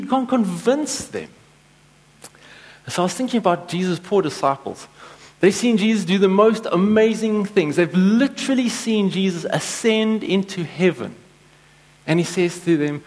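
A man preaching a sermon, telling stories and acting out quotes with lively energy. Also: high voice, moderate pace, poor audio. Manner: storytelling, animated with acted-out quotes. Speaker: pastor.

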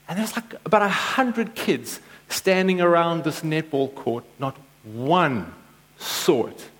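A man preaching a sermon, telling stories and acting out quotes with lively energy. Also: a little high, measured pace, poor audio. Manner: storytelling, animated with acted-out quotes. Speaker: pastor.

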